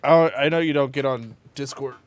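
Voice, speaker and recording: A man's voice: medium pitch, moderate pace, no echo. A man casually commenting on a dating game he is playing, joking around and reading the game's messages aloud. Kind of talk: casual let's-play commentary.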